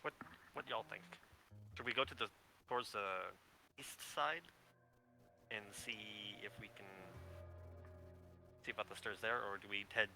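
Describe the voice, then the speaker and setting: A man's voice: fairly low pitch, steady tone, measured pace, creaky, pauses often, sharp tone, soft background music, rough recording. A man playing in an online tabletop game, chatting casually and often trailing off or backtracking mid-sentence. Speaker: player.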